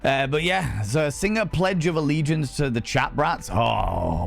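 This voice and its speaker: A man chatting casually on a live stream from his home setup, playful and cheeky, greeting viewers with pet names and swooping up high for mock grandeur. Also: big pitch swings, a little slow, vocal fry, few pauses, faint music behind. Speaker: livestreamer.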